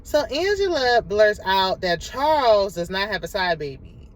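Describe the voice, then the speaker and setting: A woman's voice: mid-range voice, very animated, a little slow, poor audio. A woman giving a casual, sassy recap of a reality TV episode, talking back at the cast as she goes. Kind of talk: casual show recap and commentary.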